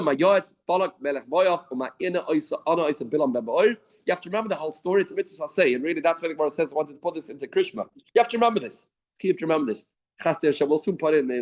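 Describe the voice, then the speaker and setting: A man giving a daily Talmud class in a study hall, lively, weaving Hebrew and Yiddish terms into English. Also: fairly high pitch. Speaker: Talmud teacher. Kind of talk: Talmud lecture.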